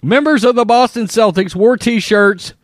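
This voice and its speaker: A man's voice: sits high, measured pace, dry recording, clean studio sound. A middle-aged man hosting his own sports show, ranting bluntly and with irritation in an opinionated monologue. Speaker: sports commentary host.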